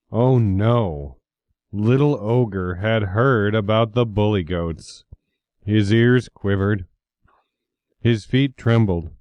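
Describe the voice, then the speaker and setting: Slow low-voiced man reading a story. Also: darkish tone, dry recording. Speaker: educator reading a picture book aloud. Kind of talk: storybook read-aloud.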